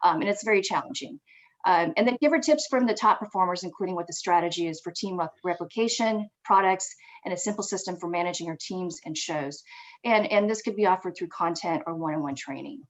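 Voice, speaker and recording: A woman speaking on a business panel in a steady, practical way with many fillers. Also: on the low side, a little fast, low-quality recording. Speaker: panelist, direct sales executive. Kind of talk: panel discussion.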